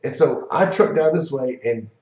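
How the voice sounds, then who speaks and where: A man's voice: medium pitch, moderate pace, a little mellow. Rambling, profane man in echoey room. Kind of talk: casual storytelling chat. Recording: echoey room, dull lo-fi sound.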